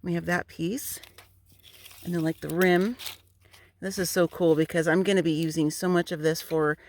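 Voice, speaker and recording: A woman vlogging outdoors in bright sun on a phone she holds in one hand, gushing with excitement as she talks her viewers through it. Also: on the low side, moderate pace, a little hiss or hum. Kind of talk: casual vlog while digging outdoors. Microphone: phone held in one hand.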